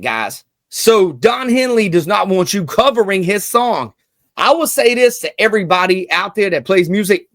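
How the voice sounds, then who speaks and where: A man's voice: high-pitched, fairly bright tone, dry recording, studio quality. A man hosting a casual commentary vlog, hyped and slangy, repeating lines for emphasis. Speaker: channel host.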